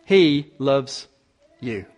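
A man's voice: medium pitch, expressive, extremely slow, darkish tone, faint music behind. A man preaching a sermon in a church, emphatic and repetitive, drawing in the congregation. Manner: emphatic, repeats key words, talks with congregation.

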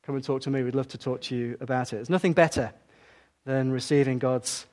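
A man's voice: medium pitch, steady tone, fairly quick, a little mellow. An older man preaching a sermon in an earnest way, with repeated emphasis. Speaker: pastor.

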